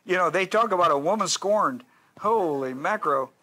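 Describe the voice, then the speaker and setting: Bright folksy male pastor. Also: sits high, animated, normal speed. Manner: folksy, joking, with restarts and asides to the congregation. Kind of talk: sermon.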